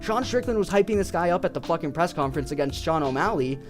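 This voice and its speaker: A man's voice: a little high, fast, soft background music. A young man ranting casually about his favorite fighters, swearing constantly and rambling. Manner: profane, rambling, excitable. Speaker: video creator.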